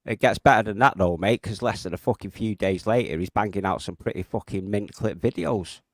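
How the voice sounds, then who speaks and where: A man on a live stream, loud and backslapping, swearing and calling everyone mate. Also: fairly low pitch, fairly quick, dry recording, studio quality. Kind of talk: casual heated chat.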